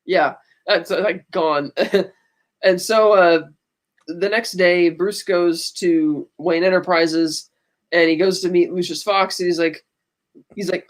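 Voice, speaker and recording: A man's voice: sits high, steady tone, takes it slowly. A man co-hosting a podcast, chatting casually as he retells movie scenes and quotes their lines. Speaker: podcast co-host. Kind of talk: casual movie recap chat.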